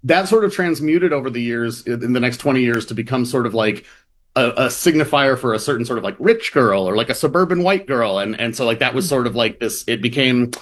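A man's voice: medium pitch, animated, brisk, fairly bright tone. A man, a reporter, explaining his story in a rambling, casual interview manner with many restarts. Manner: rambling, restarts, acts out quoted voices.

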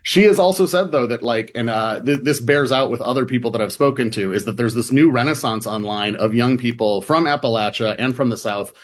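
A man's voice: medium pitch, a little fast, few pauses. Chatty midwestern man on a radio interview. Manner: chatty, lots of fillers and "like". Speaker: reporter guest.

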